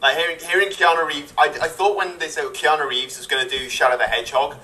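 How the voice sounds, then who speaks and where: A man chatting excitedly on a casual online panel, tripping over his words as he starts sentences. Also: fairly high pitch, fast, far from the mic, low-quality recording. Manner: excitable, stammering restarts.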